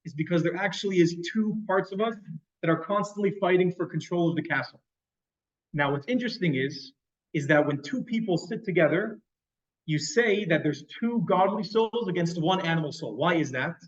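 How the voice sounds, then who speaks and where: A man's voice: high voice, a little fast. A man giving a conversational, storytelling sermon as a rabbi. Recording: dull lo-fi sound.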